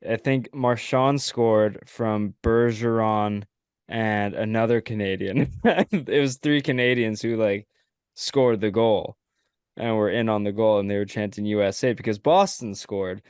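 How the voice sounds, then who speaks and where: Low-voiced dry sports podcast host. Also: male voice, steady tone, a little slow, a little mellow, smooth, no echo. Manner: laughs often, agreeable, hedging. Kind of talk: casual sports chat.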